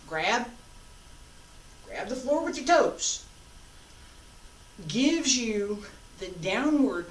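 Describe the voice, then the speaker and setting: Woman instructor talking slow and steady, counting moves, echoey room, mic pretty far off. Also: medium pitch. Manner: calm, deliberate, corrective coaching. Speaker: martial arts instructor. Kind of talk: class instruction with counted cues. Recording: echoey room, distant mic, faint background noise.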